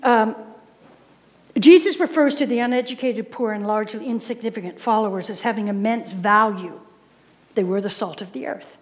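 Her voice fairly high and a little mellow, a woman preaches with emphasis, repeating key phrases and asking the congregation questions. The recording carries a reverberant hall sound.

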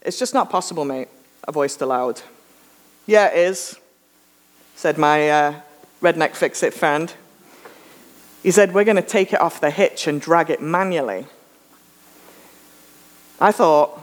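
A woman preacher giving a sermon, telling a lively self-mocking anecdote with humor. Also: low-pitched, measured pace, pauses often. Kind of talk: storytelling sermon.

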